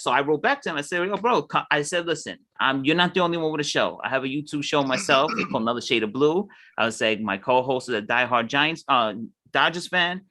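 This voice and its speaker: A man's voice: mid-range voice, fast talker, few pauses, bright, forceful tone. A man, co-hosting a casual show, ranting heatedly and mimicking other people. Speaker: podcast co-host. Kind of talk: casual chat.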